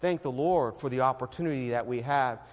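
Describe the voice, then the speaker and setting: Guy preaching a sermon in a church, fervent, goes loud then real quiet, lots of hall echo. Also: mid-range voice, a little fast. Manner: fervent, swings between loud exhortation and hushed quiet. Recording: long reverb of a hall.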